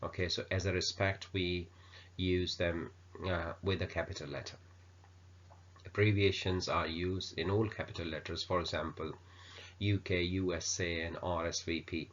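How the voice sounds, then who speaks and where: A man teaching an English grammar lesson, explaining slowly with many ums and uhs. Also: deep voice, fairly even intonation, fairly bright tone. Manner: unhurried explaining with many fillers. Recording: dull lo-fi recording.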